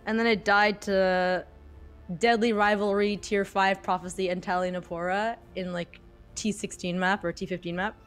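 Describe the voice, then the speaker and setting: A woman's voice: mid-range voice, flat delivery, moderate pace, clean tone. A young woman in her twenties chats with a sore throat, easygoing and giggly, with lots of fillers. Her voice sits in a middle range, with faint music behind her. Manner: chatty, giggly, full of fillers. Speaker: streamer and guest. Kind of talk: casual chat.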